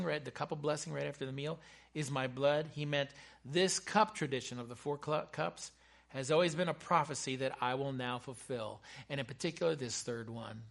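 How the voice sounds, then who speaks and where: A man's voice: on the high side, creaky, a bit bright. A man preaching a sermon with fervent emphasis, breaking into chatty asides to his congregation.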